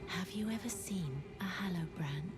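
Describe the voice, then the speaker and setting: A woman voicing a reclusive witch who guards the dead, speaking in a breathy, secretive whisper in a video game. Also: fairly low pitch, normal speed, close to an everyday voice. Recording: game audio with music behind.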